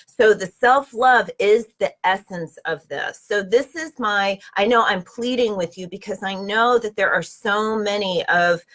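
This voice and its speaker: A woman's voice: medium pitch, a little slow, few pauses, a bit bright. A woman hosting a spiritual motivational talk, speaking earnestly and straight to her listeners, repeating affirmations. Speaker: inspirational host.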